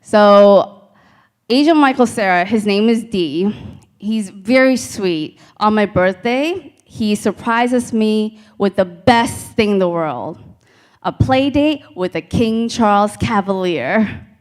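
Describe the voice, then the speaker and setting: A woman performing a stand-up comedy set on a live stage, telling deadpan stories and talking to the crowd. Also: mid-range voice, slow pace. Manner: deadpan storytelling with crowd asides.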